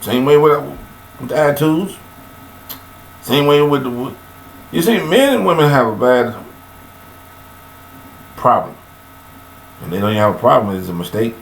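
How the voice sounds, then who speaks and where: Man, gravelly voice, rambling preachy delivery into a webcam, echoey room. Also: animated, moderate pace, long pauses, a little hiss or hum. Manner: preachy, rambling, with sudden high-pitched emphatic outbursts. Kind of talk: rambling spoken monologue on faith and forgiveness.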